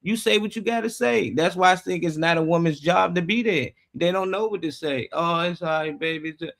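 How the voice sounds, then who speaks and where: A man speaks his mind in a casual morning show chat. His voice sits fairly high for a man, and his delivery is blunt, profane and emphatic. He talks as a parent. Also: fairly quick, creaky, a bit bright. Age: adult with children.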